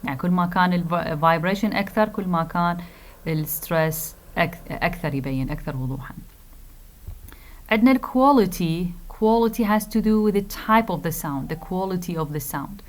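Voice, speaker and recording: A woman gives a recorded university phonetics lecture in a fairly low voice. She explains things slowly and carefully, fills pauses with "uh" and "um", repeats key phrases, and drops into Arabic asides to clarify. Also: expressive.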